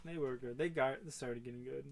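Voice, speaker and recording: A young man co-hosting a casual podcast, mostly giving dry, low-key replies. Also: brisk, creaky, slight background noise. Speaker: podcast co-host. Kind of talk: casual chat.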